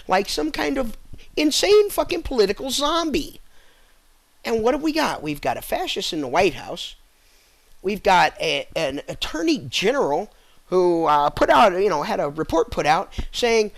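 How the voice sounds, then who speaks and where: A man's voice: very animated, moderate pace. A man delivering an angry political rant to the camera, heated and insulting, his voice jumping up on rhetorical questions. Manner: drops low and quiet when winding down. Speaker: political vlogger.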